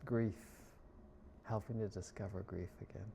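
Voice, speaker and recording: A man speaking as a spiritual healer in a slow, soft, reflective monologue, often drifting into a whisper. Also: lowish voice, vocal fry, background noise.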